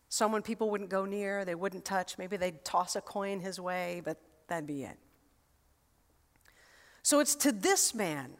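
A woman pastor preaching a sermon in a conversational, expressive way, with rhetorical questions and emphatic repetition. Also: medium pitch. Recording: long reverb in a large hall.

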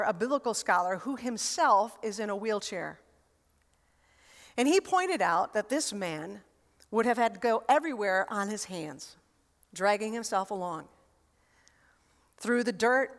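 A woman pastor preaching a sermon in a conversational, expressive way, with rhetorical questions and emphatic repetition. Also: medium pitch. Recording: long reverb in a large hall.

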